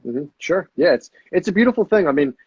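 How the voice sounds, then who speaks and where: Energetic, higher-voiced man swearing casually. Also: brisk, slightly rough, no room sound, muffled recording. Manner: energetic, swears freely, acts out sales calls. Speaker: podcast guest. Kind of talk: casual podcast chat.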